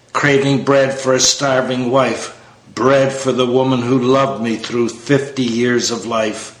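A man's voice: mid-range voice, a bit bright. A man giving a dramatic poetry recitation in a grieving, declamatory manner. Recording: roomy echo.

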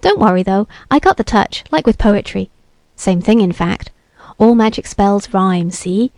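A woman's voice: medium pitch, expressive, measured pace, darkish tone, dry recording. A woman reading the lines of a bearded young beatnik TV repairman who talks in laid-back hip slang and sounds sure of himself. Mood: assured.

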